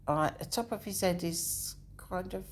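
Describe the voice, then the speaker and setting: A woman's voice: lowish voice, moderate pace, a little hiss or hum. A woman hosting a video, thinking aloud as she walks through a map. She corrects herself often and sometimes drops into a whisper. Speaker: video host. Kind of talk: rambling walkthrough on a map.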